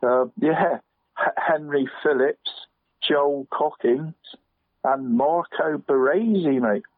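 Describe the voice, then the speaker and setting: A man's voice: fairly high pitch, slow pace, no echo. A man co-hosting casual local football chat, rambling and friendly, saying "mate" every few words and laughing often. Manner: chatty, says "mate" constantly, laughs often. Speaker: co-host picking team of the week. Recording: dry tinny phone-line sound.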